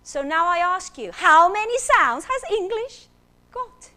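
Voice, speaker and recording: A woman speaker teaches phonics from a stage, playful and theatrical as she leads the audience through each sound. Her voice sits high and swoops up and down constantly. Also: lively intonation, a little slow, sharp tone. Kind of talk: animated talk with classroom demonstration.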